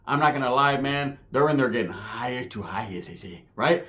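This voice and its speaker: A man's voice: mid-range voice, fairly quick. A man telling a crude, comic story in a casual, profane way, tagging lines with "right?". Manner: profane, animated, rhetorical "right?". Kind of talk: comedic storytelling.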